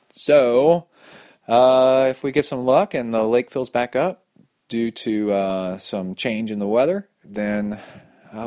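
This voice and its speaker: A middle-aged man hosting a casual podcast from home, rambling and excitable, laughing often. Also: medium pitch, no room sound, clean studio sound. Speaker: podcast host. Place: home room.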